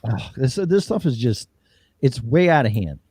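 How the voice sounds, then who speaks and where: A man's voice: medium pitch, sing-song, normal speed, darkish tone, slightly rough. Man ranting heatedly on a talk show. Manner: heated, profane ranting with mocking voices. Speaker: show host.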